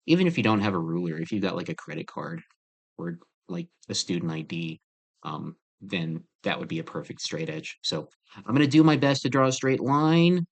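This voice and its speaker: A man's voice: low-pitched, big pitch swings, normal speed, gravelly. A man teaching a casual math lesson, thinking aloud with fillers and joking about his own mistakes. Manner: chatty, self-deprecating, thinks aloud with fillers.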